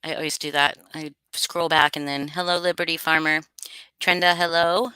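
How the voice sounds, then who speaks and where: Bright, crisp-voiced woman chatting casually. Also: low-pitched, little pitch movement, normal speed, no room sound. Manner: greets chat names, swears freely. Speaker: livestream host. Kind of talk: casual livestream chat.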